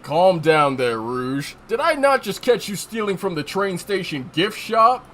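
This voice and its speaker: A streamer voicing a stern, gruff male echidna from a game. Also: mid-range voice, big pitch swings, measured pace, fairly bright tone, a little hiss or hum, voice pushed up.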